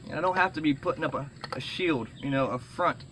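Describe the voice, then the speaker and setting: A middle-aged man rambling excitedly in a casual vlog, full of fillers and restarts, saying he is sweating. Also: on the high side, fast, slight background noise. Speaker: vlogger.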